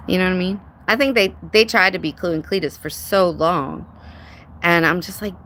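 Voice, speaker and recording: A woman's voice: lowish voice, normal speed, a bit bright, slight background noise. A woman hosting a casual live stream, chatting sarcastically, laughing often and greeting viewers by name. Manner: sarcastic, says dude and y'all. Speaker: livestream host.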